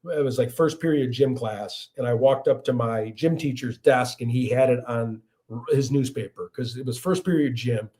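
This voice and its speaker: A man in his thirties with a Chicago accent, hosting a relaxed livestream. He talks at a middling pitch and answers viewers' comments as they arrive, often restarting his words mid-thought. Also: moderate pace. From Chicago area, USA. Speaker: livestream host. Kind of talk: casual livestream chat.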